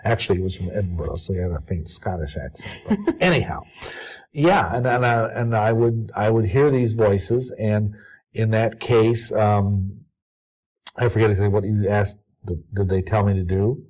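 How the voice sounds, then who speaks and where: Low-voiced man rambling haltingly. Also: a little mellow, low-quality recording. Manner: rambling, halting, lots of restarts. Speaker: interview guest. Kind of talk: interview answers.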